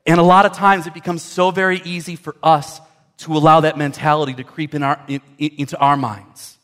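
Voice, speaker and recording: Cast: pastor, man, a bit higher-pitched, folksy storytelling sermon, repeats words while building a point. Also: flat delivery, fairly quick, fairly bright tone.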